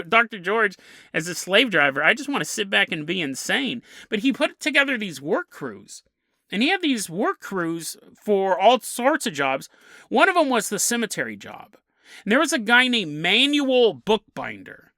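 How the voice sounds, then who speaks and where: A man's voice: very high voice, pushed and bright, no echo, studio quality. A man hosting a podcast, telling a ghost story in a casual, joking way and laughing often as he acts out characters' lines. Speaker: podcast host.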